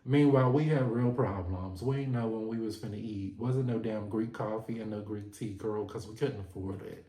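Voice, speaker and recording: A man's voice: lowish voice, moderate pace, warm tone. A man giving a sassy, playful recap of a reality show in a casual vlog. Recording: echoey room.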